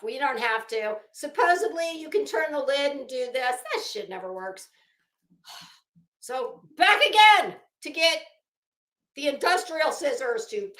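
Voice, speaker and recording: Woman host, high lively voice, profane rambling gossip chat, hot and sweaty, echoey room at home. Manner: rambling, profane, self-mocking storytelling. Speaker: host of a fashion gossip commentary show. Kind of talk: casual chatty commentary.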